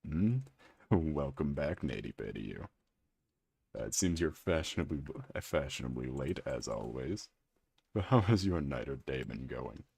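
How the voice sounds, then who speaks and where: A man with an extremely deep, gravelly voice, chatting casually with his live-stream chat while playing a game and teasing viewers. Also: big pitch swings, moderate pace, a little mellow. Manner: chatty, teasing, reads and answers chat aloud.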